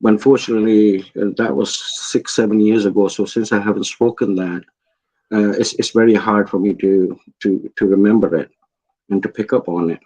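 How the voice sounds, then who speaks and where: A man's voice: on the low side, fairly even intonation, normal speed, dark tone, poor audio. A man from England with an English accent, chatting casually and telling stories, often repeating words as he starts a sentence. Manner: storytelling, repeats his words when starting. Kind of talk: casual chat.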